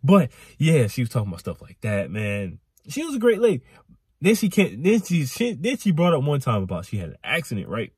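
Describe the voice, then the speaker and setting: A young man recounting a chaotic ride in a rambling storytime vlog. His pitch swoops high and low as he gets worked up, with a husky grain. Close and dry, right on the mic. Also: a little fast, dry recording. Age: young adult. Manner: animated, rambling, repetitive slang. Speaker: vlogger.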